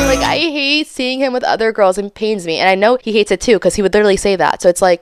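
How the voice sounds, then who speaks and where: A young woman hosting a podcast, telling a dating story in a casual, animated way and acting out her own and others' lines with playful voices. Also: medium pitch, fast talker, hardly any pauses, loud music behind the voice. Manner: animated, dramatic, acts out quotes with exaggerated voices. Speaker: podcast host.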